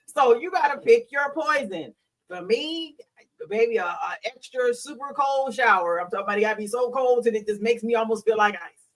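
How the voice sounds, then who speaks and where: A woman's voice: a little high, moderate pace, far from the mic, low-quality recording. Frank middle-aged woman, a bit off-mic. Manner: frank and bawdy, preachy, laughs often. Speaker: host; hospital worker. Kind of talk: candid solo talk.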